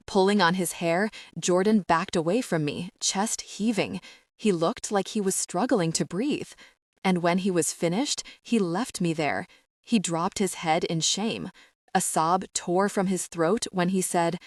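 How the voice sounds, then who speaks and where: A woman's voice: lowish voice, a little slow, dry recording, studio quality. A woman narrating a romance audiobook in the first person, reading in an emotional, tearful way. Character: hurt, furious young woman demanding answers.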